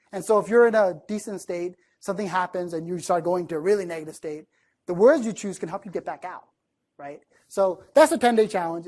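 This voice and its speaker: A man giving a motivational talk to a live audience in a room. He speaks conversationally, keeps checking in with "right?", and acts out sample lines. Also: high voice.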